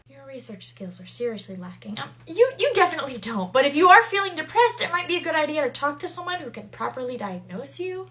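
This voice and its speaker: Exasperated high-voiced young woman. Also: brisk. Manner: exasperated, deadpan asides. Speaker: teacher in a comedy sketch. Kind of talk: comedy sketch acting.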